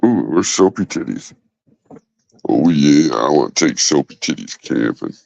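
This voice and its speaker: A man's voice: rumbling low, big pitch swings, unhurried, gravelly, darkish tone, no echo. A man hosting a casual livestream, rambling and swearing as he talks back to his chat. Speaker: livestream host. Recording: dull, lo-fi dry sound.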